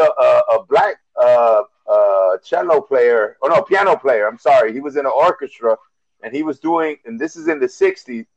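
A man's voice: a little high, no echo, poor audio. A man with a Miami accent, a podcast host rambling through a story in casual group chat with lots of restarts.

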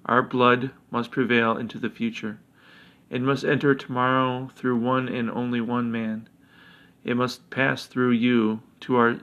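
A man voicing an ancient dragon who speaks in solemn, measured prophecy. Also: medium pitch, fairly bright tone, lo-fi sound.

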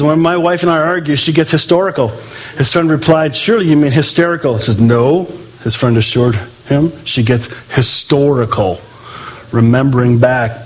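Preaching with lots of energy, this male pastor performs the voices he quotes and moves back and forth between booming and hushed delivery. His pitch is medium.

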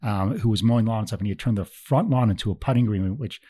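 A man's voice: fairly low pitch, fast, mellow, slightly rough, dry recording. A man guest on a podcast, telling long, self-mocking stories in casual chat and acting out what people said. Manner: rambling, self-mocking anecdotes with acted quotes. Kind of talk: casual storytelling.

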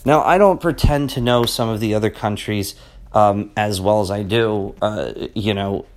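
A man's voice: fairly low pitch, moderate pace. A middle-aged man talking off the cuff as a vlogger, rambling and conversational, with emphatic rhetorical questions and a habit of tacking "okay?" onto his points. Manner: rambling and conversational, peppers talk with "okay?" and "you know". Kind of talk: casual off-the-cuff monologue.

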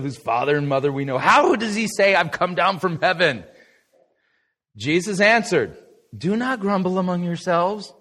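A middle-aged man preaching a conversational Bible lesson, asking his listeners questions and answering them himself. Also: a little high. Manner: lively, conversational, asks the audience questions. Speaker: pastor teaching a Bible study. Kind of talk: sermon lesson.

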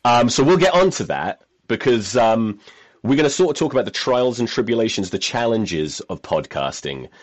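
A man's voice: medium pitch, sing-song, moderate pace. A man hosting a podcast, telling rambling, self-mocking stories in casual chat and swearing freely. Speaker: podcast host.

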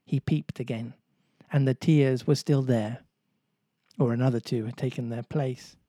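Guy reading a kids storybook out loud, playful, dead dry room. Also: medium pitch, steady tone, measured pace, no room sound. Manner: playful, jokes and laughs with listeners. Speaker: storybook reader. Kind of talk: storybook narration read aloud.

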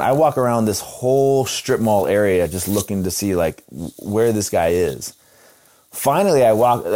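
A young man casually telling a story, animated and acting out quotes in a raised voice. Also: lowish voice.

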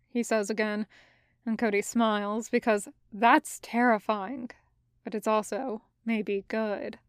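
Slow, crisp woman podfic narrator. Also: on the high side, steady tone, dry recording, studio quality. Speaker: podfic reader. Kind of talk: fan fiction audiobook narration.

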